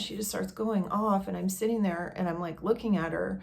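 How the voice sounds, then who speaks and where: A woman's voice: medium pitch, steady tone, moderate pace, gravelly, few pauses, darkish tone. A woman vlogger telling a personal story in a candid, conversational way.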